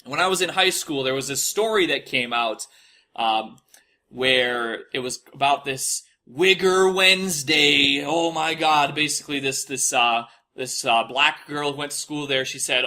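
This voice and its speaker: A man's voice: medium pitch, moderate pace, sharp tone. A young man from Minnesota telling a rambling, profane story in casual talk, acting out the quotes with mocking voices. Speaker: podcast host telling a story.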